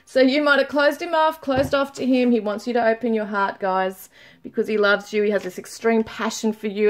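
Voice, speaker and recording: A woman giving a casual tarot reading to viewers, chatty and laughing often, reading card messages aloud slowly. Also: a little high. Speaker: tarot reader.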